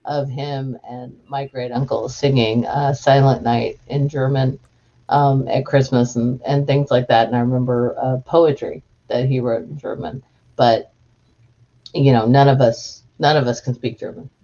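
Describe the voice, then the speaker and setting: A woman's voice: very deep voice, steady tone, measured pace, warm tone. A woman podcast host talking in casual chat, rambling with many restarts and fillers. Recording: muffled lo-fi audio.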